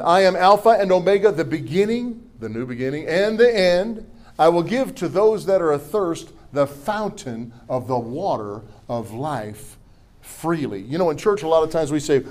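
High-voiced pastor preaching. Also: male voice. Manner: preaching with call-and-response to the congregation; humorous asides, rises to forceful declarations. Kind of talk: sermon.

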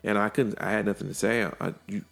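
A man's voice: lowish voice, flat delivery, fast talker, creaky, fairly bright tone, soft background music. A man hosting a podcast, earnestly retelling conversations with friends in casual chat.

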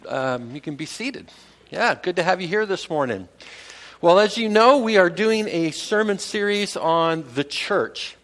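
Chatty pastor with a slightly high voice. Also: male voice, expressive, unhurried, a bit bright. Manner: conversational, with many fillers and restarts; chuckles at his own jokes. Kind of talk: casual sermon.

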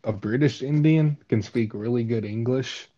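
A man's voice: medium pitch, moderate pace, dark tone. An American man in casual chat, cracking crude, blunt jokes and swearing freely. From United States. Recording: dull lo-fi audio.

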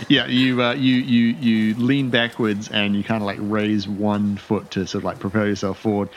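A young man serving as game master, who talks his way loosely through each scene and piles on fillers as he goes. His voice is on the low side, with soft background noise behind it. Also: level tone, a little slow. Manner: rambling, many fillers and restarts. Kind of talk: narrating a tabletop game.

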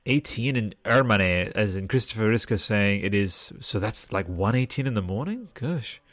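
Expressive and a bit bright despite sitting on the low side, his voice runs at normal speed. He hosts a podcast livestream, wearily rambling through viewer comments and cursing freely, on a desktop mic with headphones with clean, echo-free studio sound.

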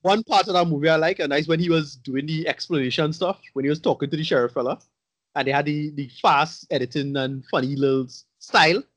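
A man's voice: a little high, quick pace, a bit bright, no room sound. A man in casual podcast chat reviewing a movie, blunt, rambling and profane.

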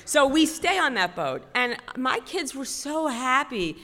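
Animated woman doing stand-up in a hall. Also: high-pitched, a little slow. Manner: animated, self-deprecating, rises to loud outbursts. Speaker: stand-up comedian. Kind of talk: stand-up storytelling.

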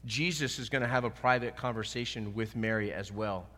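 Man, pastor, sermon, bright forceful voice, earnest, long hall reverb. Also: fairly low pitch, fairly quick. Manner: earnest preaching, acting out scripture quotes.

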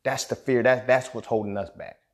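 A man's voice: mid-range voice, steady tone, fairly quick. A man hosting a podcast, venting in an impassioned solo monologue, angry and emotional, emphatic and profane, often checking in with "you feel me". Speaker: podcast host.

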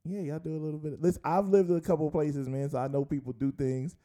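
A man's voice: on the high side, level tone, quick pace, mellow. A man co-hosting and producing a casual podcast, a chatty storyteller who laughs often.

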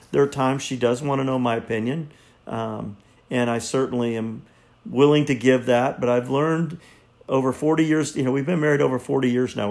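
Older male counselor in his sixties, earnest, halting, slightly gravelly, mid-pitched. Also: a little mellow. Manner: earnest, halting, repeats words. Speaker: marriage counselor. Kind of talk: reflective teaching monologue.

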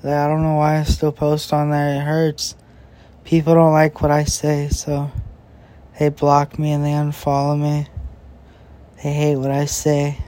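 Young man, podcast host, slightly high voice, slow drawl, crude rambling chat, heavy breathing. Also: completely flat delivery, mellow. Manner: slow, crude, meandering talk full of filler and swearing. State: breathing heavily after a big meal. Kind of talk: rambling late-night casual chat. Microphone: podcast microphone.

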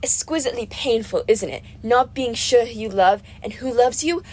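A woman's voice: fairly high pitch, lively intonation, moderate pace, darkish tone. A woman voicing a vain, gushing goddess of love in an audiobook reading, in a dramatic, doting manner. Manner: breathy, swooning, dramatic and doting.

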